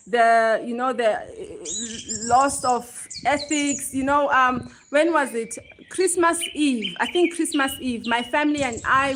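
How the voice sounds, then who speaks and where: High-voiced chatty woman livestreaming. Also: a bit bright, a little hiss or hum. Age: 40s. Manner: chatty, greets viewers by name. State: a bit out of breath. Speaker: livestream host. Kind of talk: casual livestream chat. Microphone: phone held close.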